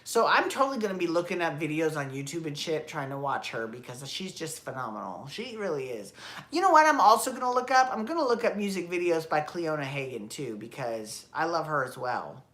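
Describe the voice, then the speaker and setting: A woman's voice: low-pitched, lively intonation, brisk, a bit bright. A woman hosting her own show, talking alone in a chatty, rambling way, swearing freely and correcting herself as she goes. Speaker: podcast host. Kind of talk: casual solo commentary.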